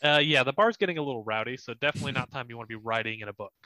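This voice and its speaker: Bright-voiced man narrating a tabletop game. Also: mid-range voice, no room sound. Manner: descriptive, halting with fillers. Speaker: dungeon master. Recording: slightly muffled dry recording.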